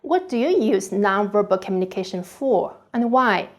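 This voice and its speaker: A woman reading a scripted online course lecture slowly and carefully, with deliberate pauses. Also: mid-range voice, lively intonation.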